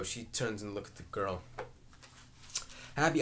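A man's voice: medium pitch, normal speed, fairly bright tone. Man reading a play aloud. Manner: reads character names and stage directions plainly.

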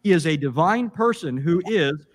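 Man, high-pitched voice, debate rebuttal, emphatic, argumentative, fillers and restarts. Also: lively intonation, moderate pace, a little hiss or hum. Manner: emphatic, argumentative, quotes scripture and Greek, frequent uh and restarts.

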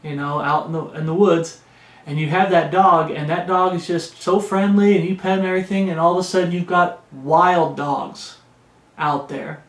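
A male pastor preaching a sermon and reading scripture aloud, talking emphatically and slowing down to stress key phrases. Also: a little high, steady tone. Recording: echoey room.

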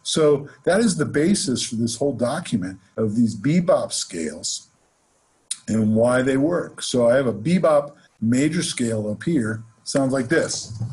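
Husky-voiced man teaching jazz rhythm. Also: mid-range voice, low-quality recording. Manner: relaxed, conversational, counts off beats. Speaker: jazz music instructor. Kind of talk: explaining and demonstrating on instrument. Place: home studio, online session.

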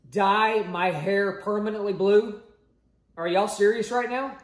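A man chatting to camera in a casual vlog, full of excitable, dramatic exclamations. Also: sits high, measured pace. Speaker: family vlogger. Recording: roomy echo with faint music.

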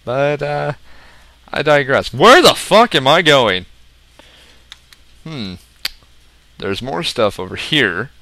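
A young man casually commenting on his own gameplay, rambling and joking, with sudden loud outbursts. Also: mid-range voice, dry recording. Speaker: gaming video host.

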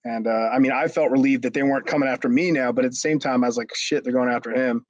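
A man's voice: mid-range voice, steady tone, very fast, no room sound, muffled recording. A man, a former wrestler, telling a long backstage story in a rambling way with many restarts. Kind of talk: storytelling interview.

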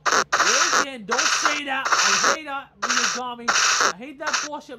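A woman's voice: sits high, takes it slowly. A woman doing let's play commentary, swearing heavily and bickering as she plays. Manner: heavy swearing, ranting and bickering. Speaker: gaming video host. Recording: loud background noise.

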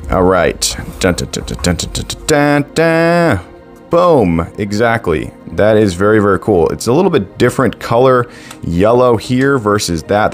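A man with a lowish voice hosts a casual product review vlog from his home. He talks with upbeat, enthusiastic energy and tosses in playful asides. Soft music plays faintly behind him. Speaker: coffee reviewer and show host. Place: at home, indoors.

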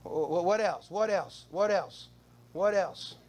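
This male pastor's voice sits high with a darkish tone, and he preaches slowly and expressively. He calls out to the congregation during his church sermon, repeating and stammering over words in call-and-response fashion.

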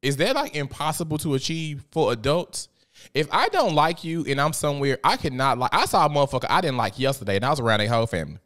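A man, hosting a podcast in a blunt, profane, animated storytelling manner. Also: fairly high pitch, fast talker. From Memphis, USA. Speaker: podcast host. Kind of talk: casual podcast monologue.

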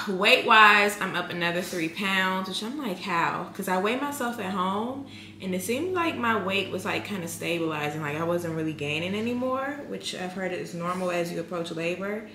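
A young woman chats rambly in a casual vlog, her lowish voice sounding congested. She uses many fillers, and the audio is reverberant with background noise.

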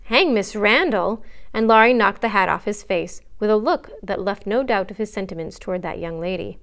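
A woman librarian narrates a classic chapter book for story time. Her reading voice is steady and clear, pitched in an ordinary middle range. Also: fairly quick. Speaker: children's librarian reading aloud. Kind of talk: storytime read-aloud narration.

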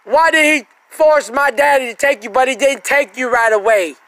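An angry man rants in a very high, sharp voice with a gravelly fry at its edges. He curses and mocks relentlessly, repeating insults and flaring into shouts. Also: moderate pace, no echo, low-quality recording. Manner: aggressive, repetitive cursing and mocking; bursts into shouting. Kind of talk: profane religious rant monologue.

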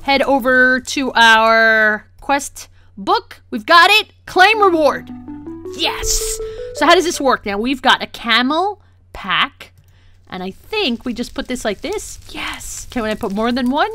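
A young woman hosting a gaming channel, giving flustered, excitable let's play commentary and laughing often. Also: on the high side, unhurried, faint music behind.

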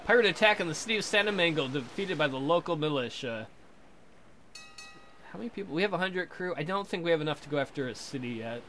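A man's voice: on the high side, animated, quick pace, fairly bright tone, slight background noise. A young man giving casual, joking commentary over a pirate video game, with crude, playful asides. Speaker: let's play gamer.

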